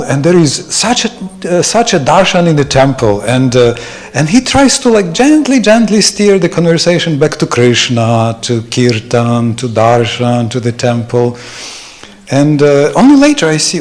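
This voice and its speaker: A man's voice: a little high, big pitch swings, a little slow. A man giving an informal, anecdotal devotional talk at a temple, chuckling often as he speaks. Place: temple hall.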